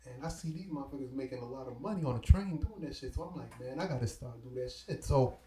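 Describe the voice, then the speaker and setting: A middle-aged man from Belize and New York, with a Belizean-Caribbean accent, is a guest telling casual stories in laid-back street slang and acting out the people he quotes. His medium-pitched voice is quick and dark, and the sound is roomy.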